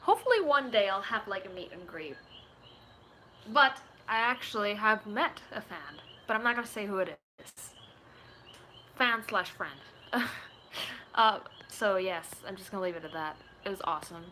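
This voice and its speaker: A woman's voice: medium pitch, expressive, moderate pace, bright, forceful tone, a little hiss or hum. A young woman from Rico, rambling playfully as she chats live with viewers from home. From Puerto Rico. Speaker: streamer. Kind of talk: casual live chat answering comments.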